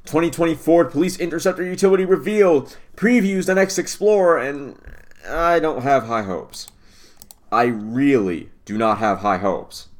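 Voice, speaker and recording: Male car news host, mid-range voice, loose headline reads with chatty asides. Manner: stumbles over names and rants with rising pitch. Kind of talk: reading headlines with casual asides.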